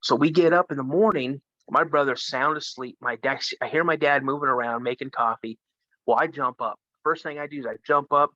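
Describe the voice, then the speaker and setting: A man from Minnesota, a guest telling a story in a casual, animated way. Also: mid-range voice, fairly quick, no echo. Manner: animated, acts out the voices of others. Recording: dull lo-fi sound.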